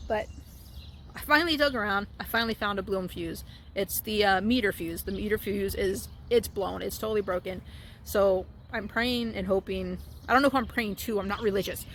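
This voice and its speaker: A woman's voice: mid-range voice, fairly quick, fairly bright tone, slight background noise. A young woman vlogging in a casual, rambling way, anxious and restarting her sentences often. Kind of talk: casual vlog monologue. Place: at home, indoors and by the car outside.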